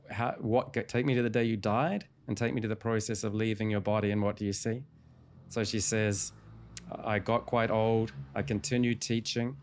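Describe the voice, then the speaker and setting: A hypnotherapist being interviewed, a man with a fairly low pitch, calmly recounts a client's session, telling it in a measured, storytelling way.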